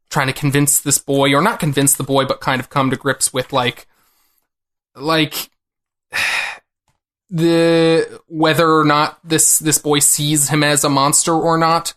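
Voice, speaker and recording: A man's voice: a little high, steady tone, unhurried, fairly bright tone. Rambling male podcast co-host. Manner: rambling, many fillers. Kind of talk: casual chat.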